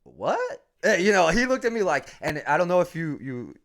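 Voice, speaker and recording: A man's voice: fairly high pitch, very animated, fairly quick, fairly bright tone. A man who runs a fight school talks in a casual podcast chat, swearing freely, rambling through stories and laughing often. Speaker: MMA fight school owner, guest.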